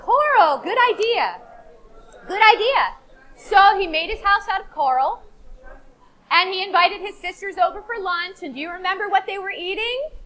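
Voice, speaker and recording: A woman telling a children's story to a live audience, animated and coaxing everyone to join in. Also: extremely high pitch, normal speed. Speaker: storyteller leading a workshop.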